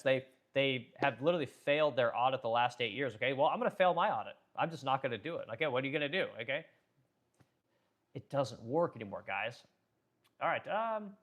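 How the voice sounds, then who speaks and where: Man, livestream host, quick delivery, blunt and profane, rambling, reads chat comments. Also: medium pitch, fairly bright tone. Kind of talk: casual opinionated livestream talk.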